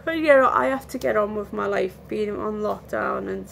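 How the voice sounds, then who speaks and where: A tired woman chats candidly in a casual lockdown home vlog, rambling, restarting her sentences and yawning now and then. Her voice is medium-pitched, gravelly and fairly bright at a moderate pace, with a little hiss or hum.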